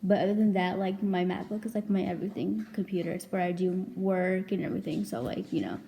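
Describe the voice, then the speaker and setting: A woman's voice: on the low side, a little fast, gravelly, dark tone, slight background noise. A young woman vlogging a casual storytime, rambling and chatty, packed with "like" and casual swearing. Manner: chatty, rambling, heavy filler "like", swears freely.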